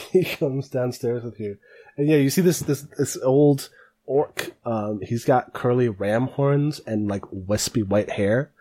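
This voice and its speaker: A man's voice: mid-range voice, slow, mellow. A man narrating as game master in a casual, hesitant way, often laughing.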